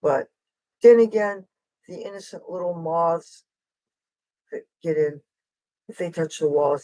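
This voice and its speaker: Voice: mid-range voice, a little slow, long pauses, mellow, rough recording. An adult streamer talks off the cuff to viewers in a loose, meandering flow. The speech drifts from one subject to the next with frank, slightly wry asides. The tone stays casual and unpolished. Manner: rambling and digressive, jumps between topics. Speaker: livestream host and street guitarist. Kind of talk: casual rambling livestream chat.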